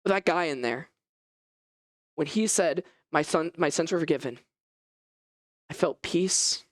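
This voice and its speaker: An earnest young man, newly healed and quietly moved, as a man puts him on in a sermon. He speaks softly and haltingly, with a dry, close sound. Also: on the high side, no room sound, close to an everyday voice. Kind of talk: first-person sermon.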